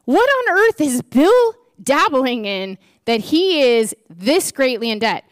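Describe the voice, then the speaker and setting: A woman preaching a sermon, telling a parable with playful, animated rhetorical questions. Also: high-pitched, slow pace, no echo, studio quality. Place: church.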